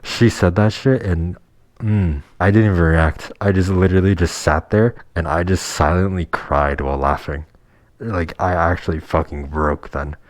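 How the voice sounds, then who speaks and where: A man's voice: sits low, darkish tone, no room sound. A young man telling a personal story in a casual, heated and profane way. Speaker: vlogger.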